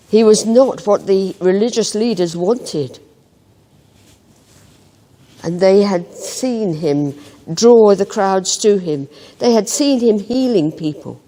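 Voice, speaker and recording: Brief: unhurried female devotional reader, mellow tone, long church reverb. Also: mid-range voice. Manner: slow, gentle storytelling with reflective pauses. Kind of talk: scripted Bible story narration.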